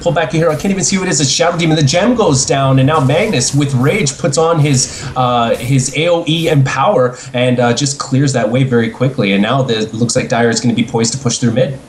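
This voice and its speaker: A man calls a video game match play by play, his voice at an ordinary middle pitch. He is excitable and laughs easily, and a faint hiss of noise sits behind him. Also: fairly quick, hardly any pauses. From Canada. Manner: excitable, laughs often, casual. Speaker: esports caster.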